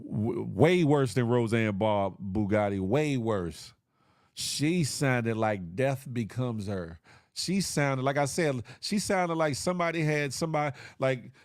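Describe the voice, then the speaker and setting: A man hosts a live online show, chatting casually with viewers in a loose, joking style packed with slang and sound effects. His voice is a little high, with clean studio sound and no echo.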